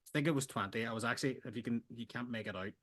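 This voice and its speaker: A man co-hosting a casual movie podcast, playful and quick to laugh. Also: mid-range voice, a bit bright, no echo. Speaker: podcast co-host.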